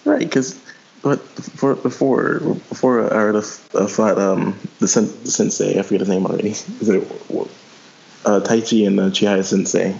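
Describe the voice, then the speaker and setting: A man guest-hosts a casual podcast in a very low voice. He talks hesitantly, often restarting his sentences. The sound is dull and lo-fi. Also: steady tone, moderate pace, vocal fry, a little mellow. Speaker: guest co-host.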